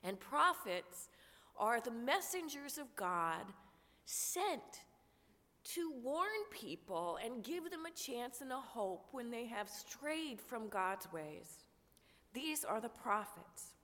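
A woman pastor with a cold preaching a sermon, slow and earnest with touches of humor. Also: a little high, big pitch swings, pushed and bright. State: has a cold, coughing. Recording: long reverb of a large room.

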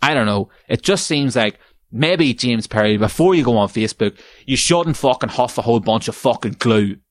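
A man's voice: expressive, normal speed, no room sound. Sweary man ranting on a podcast. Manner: sweary, exasperated ranting that climbs into high shouts. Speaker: podcast host. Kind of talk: ranting comedic podcast segment.

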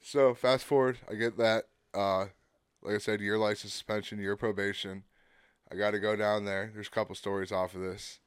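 Podcast co-host, man, low smooth voice, relaxed storyteller, dry room. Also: moderate pace, no echo. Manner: laid-back, swears a lot, acts out quotes. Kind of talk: casual storytelling.

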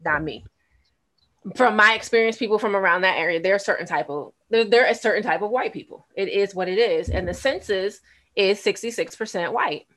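A woman's voice: mid-range voice, brisk, fairly bright tone. A woman co-hosting a casual talk show, blunt and candid, laughing as she talks. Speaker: podcast co-host. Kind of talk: casual chat.

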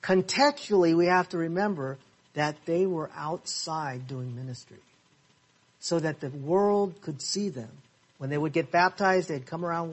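A man leading a Bible study class, his voice a little high and husky. He speaks very slowly, reads verses with care and keeps putting questions to the class. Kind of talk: interactive Bible study lesson. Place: church classroom.

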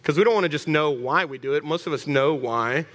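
A man preaches with a high, bright voice, joking and rallying his congregation. His words ring out with long reverb in a church hall. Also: a little fast. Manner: animated, humorous, rallying the congregation. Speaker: pastor. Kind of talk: sermon.

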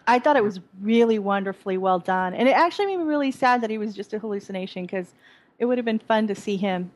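A woman's voice: mid-range voice, quick pace, rough recording. A woman co-hosting a podcast, chatting casually about a TV episode in a rambling way with many restarts. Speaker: podcast co-host. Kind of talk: casual chat reviewing a TV episode.

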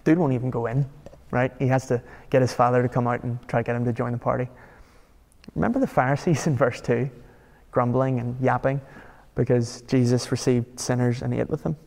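A man delivers a sermon with a gravelly, mid-pitched voice. He preaches conversationally but with emphasis and keeps asking rhetorical questions, and his voice carries a long reverb like a hall. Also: fairly even intonation, brisk, a little mellow. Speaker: pastor.

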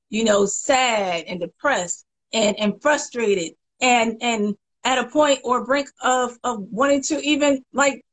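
A woman hosting a casual chat, talking in an animated, emphatic way and often restarting her phrases. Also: high-pitched, low-quality recording. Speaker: host.

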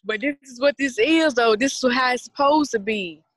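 A woman's voice: sits high, normal speed, dry recording. Dry-voiced young Southern woman. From Southern United States. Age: 20s. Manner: rambling, earnest, talks about spirituality. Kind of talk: casual podcast chat.

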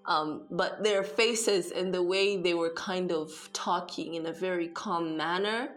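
A woman's voice: lowish voice, unhurried. A young woman telling a story casually, chatty and profane, switching between Swahili and English.

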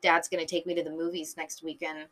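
A woman's voice: low-pitched, level tone, fast talker, fairly bright tone. A woman briefly voicing a sulky young female villain who talks in a dismissive, bratty way. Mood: snotty. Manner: dismissive, snotty.

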